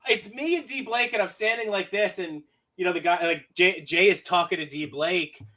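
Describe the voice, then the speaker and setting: A man co-hosting a podcast, telling stories in an excited, casual way. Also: sits high, moderate pace. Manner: excited storyteller. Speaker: podcast co-host. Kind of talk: casual chat. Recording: noisy with clicks.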